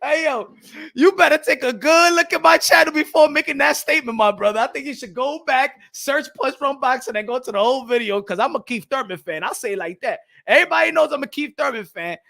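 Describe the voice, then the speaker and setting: High-pitched gravelly guy ranting about boxing deals, swearing a ton, bright edgy voice. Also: a little fast. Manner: loud, profane, animated, laughing often. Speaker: boxing channel host. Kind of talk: ranting reaction to viewer comments.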